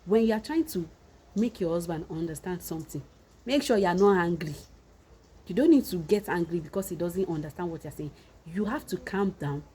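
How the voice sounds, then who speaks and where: A woman's voice: fairly low pitch, expressive, a little fast, dark tone, a little hiss or hum, rough recording. A woman with a Nigerian Yoruba accent, giving earnest, repetitive marriage advice in a casual monologue.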